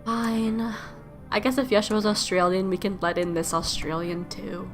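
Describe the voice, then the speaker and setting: A woman's voice: mid-range voice, steady tone, a little slow, soft background music. Playful woman gaming streamer. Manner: playful, giggly, jokey. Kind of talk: gaming livestream commentary.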